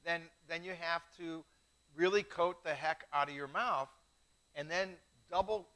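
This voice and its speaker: Bright, high-voiced chatty man host. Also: unhurried, rough recording. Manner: chatty, self-mocking, animated storyteller. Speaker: host of a live wine tasting show. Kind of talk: casual live-stream chat.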